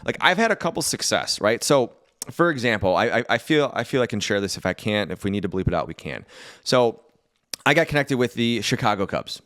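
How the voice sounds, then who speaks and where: Low-voiced young man on a dry mic. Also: fairly quick, no room sound. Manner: relaxed, talks through examples with filler words. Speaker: podcast co-host. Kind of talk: casual conversation.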